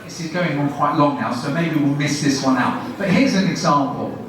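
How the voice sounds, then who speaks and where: Male trainer demonstrating lessons, brisk and encouraging, higher pitch, recorded far back in a roomy lecture hall with faint noise. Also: a bit bright. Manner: brisk questioning with quick praise. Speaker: guest lecturer and teacher trainer. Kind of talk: demonstrating classroom teaching to an audience. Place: university lecture room. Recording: echoey room from a distant mic.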